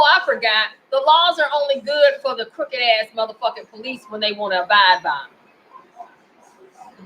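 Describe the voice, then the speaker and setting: A woman's voice: fairly high pitch, sharp tone, slight background noise, rough recording. A woman with a Memphis accent delivering an angry, profane personal rant at home, indignant and heated. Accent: Memphis, Tennessee. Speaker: vlogger.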